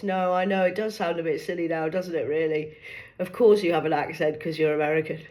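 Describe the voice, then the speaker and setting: A woman's voice: sits low, steady tone, a little fast, a little mellow. A woman from the north of England with a County Durham accent, telling a mocking story to the camera, swearing freely and acting out both sides of a phone call. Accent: County Durham English. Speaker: social media creator. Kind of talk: sarcastic storytelling monologue.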